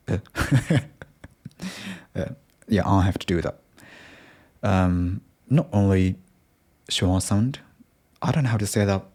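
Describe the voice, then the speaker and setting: A man's voice: low-pitched, a little mellow. A young Japanese man with a Japanese accent, speaking English hesitantly with many restarts in a casual video diary. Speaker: English learner vlogger.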